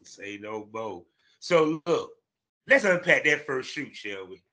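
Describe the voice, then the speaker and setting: A man's voice: mid-range voice, expressive, slow, sharp tone. A man hosting a casual podcast interview, brash and slangy, hyping up his guest. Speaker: podcast host.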